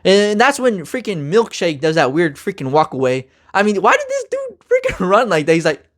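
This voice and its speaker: A young man casually reviewing a TV finale with energetic, slangy, joking talk. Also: sits high, moderate pace. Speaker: TV review host.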